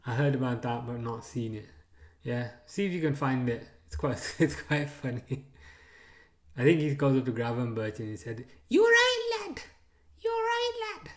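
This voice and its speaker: A man's voice: mid-range voice, moderate pace, roomy sound. A man hosting a live stream, chatting casually through a match, reading out viewer comments and trailing off into frequent fillers. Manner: relaxed, hesitant with many fillers; reads out and answers viewer chat.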